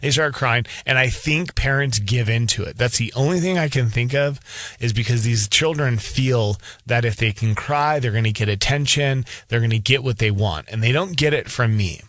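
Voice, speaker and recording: A man's voice: medium pitch, normal speed, fairly bright tone, no echo. A man in his thirties, an elementary school teacher, giving his candid and rambling opinion in a casual monologue, often restarting his sentences.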